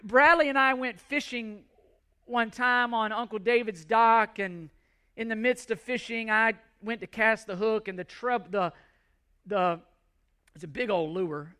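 A man's voice: sits high, sharp tone, clear, resonant tone. A middle-aged man preaching a sermon, earnest and pleading, often repeating words as he restarts. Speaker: pastor.

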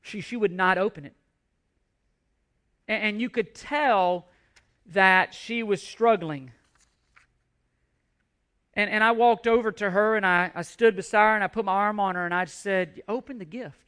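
A man's voice: high voice, a little slow, long pauses, fairly bright tone, clean tone. A man preaching a sermon as a pastor, telling a story earnestly and often restarting his sentences. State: emotional at times.

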